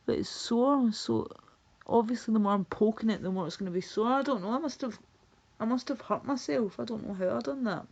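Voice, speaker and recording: A woman's voice: medium pitch, steady tone, moderate pace, darkish tone. A woman livestreamer in casual, rambling chat, reading out chat messages and laughing often. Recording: dull lo-fi stream audio.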